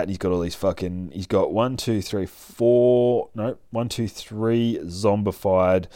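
A man's voice: low-pitched, steady tone, normal speed, few pauses, mellow, dry recording, studio quality. A man casually recapping a comic book aloud, rambling and swearing constantly. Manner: profane, rambling, laid-back. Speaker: comic reader.

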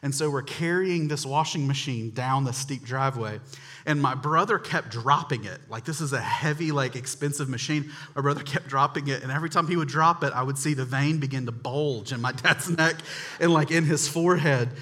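A man's voice: mid-range voice, brisk, fairly bright tone. A man from North Carolina preaching a humorous sermon, telling chatty stories and speaking directly to the congregation. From North Carolina, USA. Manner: chatty storytelling, addresses the crowd directly.

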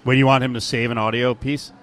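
Male sports radio co-host, mid pitch, dry joking delivery. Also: level tone, fast, fairly bright tone. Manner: joking, sarcastic banter. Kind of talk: casual sports talk.

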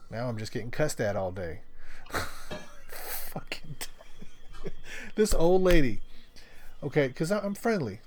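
A man's voice: medium pitch, sing-song, slow pace, pauses often, darkish tone, slight background noise. A man telling rambling, profane work stories in casual chat, laughing often. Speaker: storyteller in casual conversation.

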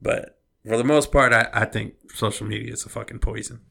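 A man's voice: mid-range voice, steady tone, a little fast, vocal fry, sharp tone, breathy edge. A man co-hosting a podcast, talking in a blunt, slangy way. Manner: blunt, slangy, calls people fool. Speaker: podcast co-host. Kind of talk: casual podcast chat.

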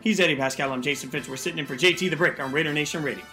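Man, sports radio host, high-pitched, bright, energetic delivery. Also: rapid-fire, faint music behind.

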